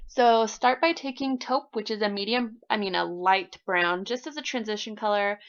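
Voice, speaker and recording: A woman's voice: mid-range voice, gravelly, a bit bright. A woman doing a chatty makeup tutorial voiceover with self-mocking asides. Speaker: beauty vlogger. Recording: slightly dull voiceover audio.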